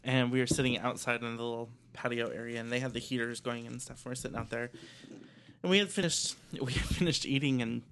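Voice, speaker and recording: A man's voice: medium pitch, a little hiss or hum. A man co-hosting a podcast, telling a funny anecdote in casual chat and acting out the quoted voices. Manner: fast, animated anecdote with quoted voices and laughs. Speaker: podcast co-host.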